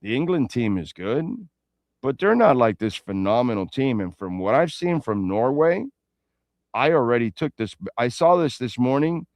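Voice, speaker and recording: A man's voice: medium pitch, lively intonation, normal speed, a little mellow, no room sound. A man hosting a sports radio show in a casual, rambling way, with playful asides and betting talk. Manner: reads sponsor ads and betting lines.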